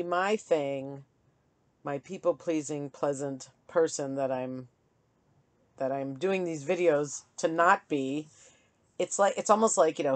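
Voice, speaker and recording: Low-voiced chatty woman vlogger. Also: no room sound. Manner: chatty, self-deprecating, laughs often. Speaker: vlog host. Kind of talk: candid solo vlog.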